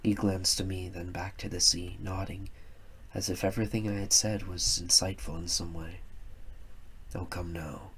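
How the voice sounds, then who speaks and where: A man narrating a first-person story in a measured, reflective way. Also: low-pitched, level tone, a bit bright, slight background noise.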